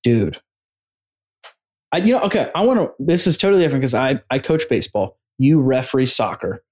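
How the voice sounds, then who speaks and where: Man co-hosting a podcast, lively storyteller who acts out quotes, casual and profane. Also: mid-range voice, a little fast. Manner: animated storyteller, acts out quotes, swears freely. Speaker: podcast co-host. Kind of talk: casual sports podcast chat.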